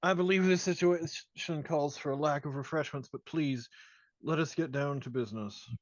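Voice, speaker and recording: A man's voice: fairly high pitch, moderate pace, no echo, lightly acted. A man voicing an aloof, wealthy male noble who questions a commander in a commanding way. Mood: haughty. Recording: dull lo-fi dry sound.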